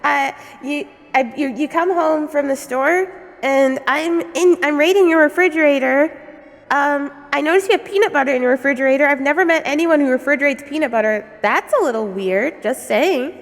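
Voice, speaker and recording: A woman's voice: high voice, moderate pace. A woman streamer with a sore throat giving a casual lesson, giggly and rambling. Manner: giggly, rambling, self-conscious. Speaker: streamer teaching as a bear character. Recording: long reverb with background music.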